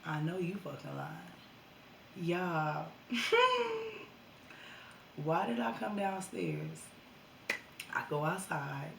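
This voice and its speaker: Gravelly young woman telling a storytime. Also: sits low, takes it slowly, long pauses, reverberant, noisy background. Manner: animated, slangy, addresses viewers as y'all. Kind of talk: casual storytime vlog.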